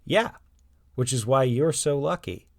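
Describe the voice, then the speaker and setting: A man's voice: medium pitch, animated, unhurried, no room sound, studio quality, voice pushed up. A man voicing a cheerful, teasing suburban father who works in animation. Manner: playful, teasing.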